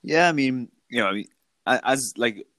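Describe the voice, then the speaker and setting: A man's voice: medium pitch, animated, moderate pace, fairly bright tone, no echo. A man co-hosting a podcast, reviewing films in casual chat, thoughtful and hesitant with many fillers. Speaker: podcast co-host.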